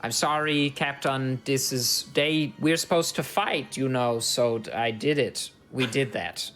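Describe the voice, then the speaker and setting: A man's voice: mid-range voice, a little slow, a bit bright, faint music behind, close to an everyday voice. A man voicing a flustered male Triton guard in a tabletop game, stammering out excuses. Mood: sheepish.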